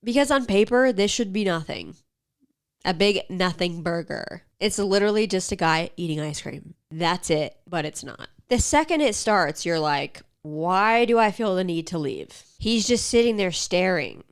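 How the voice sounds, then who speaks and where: A woman's voice: fairly low pitch, lively intonation, normal speed, smooth. A woman hosting a casual reaction commentary, sarcastic and exasperated, sometimes dropping into a whisper. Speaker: commentary host.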